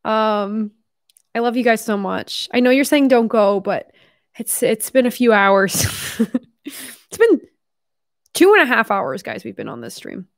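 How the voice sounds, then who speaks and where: A woman's voice: on the high side, sing-song, moderate pace, creaky, dry recording, clean studio sound. A young woman live streaming in casual chat, talking a lot with "like" and casual swearing, her voice tiring from hours of talking. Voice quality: chatty, lots of "like", casual swearing.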